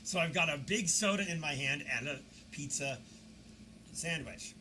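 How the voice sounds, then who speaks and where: A man talks viewers through security camera footage, pointing things out as it plays. His voice sits a little high and swings widely as he tells the story with mocking asides. A steady hiss of background noise runs under the recording. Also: normal speed. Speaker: video commentator.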